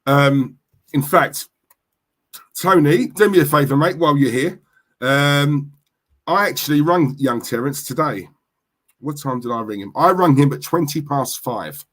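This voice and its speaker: A man's voice: a little high, unhurried, a bit bright. A man with a London accent hosting a casual football live stream, chatty and full of slang as he greets viewers in the chat. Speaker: football livestream host.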